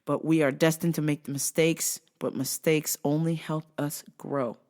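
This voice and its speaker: A woman's voice: low-pitched, steady tone, moderate pace, darkish tone. A woman in her thirties telling blunt, profane stories in a casual vlog monologue. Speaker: vlogger and store clerk.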